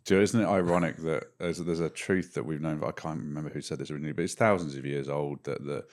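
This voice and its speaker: Deep-voiced man in casual podcast chat. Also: fast. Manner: animated, restarts and trails off mid-thought. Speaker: podcast co-host.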